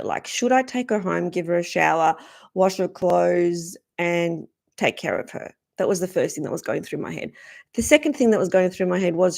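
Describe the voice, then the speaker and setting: A woman, a spiritual speaker, earnestly recounting a personal story in a gentle, reflective way. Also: fairly low pitch, gravelly. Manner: earnest, gentle, acts out quoted dialogue.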